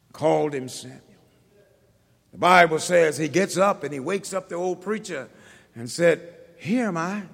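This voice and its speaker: A man preaching a sermon, swinging between loud shouted lines and slow, quiet phrases. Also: high voice, creaky, slightly rough. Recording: long hall reverb.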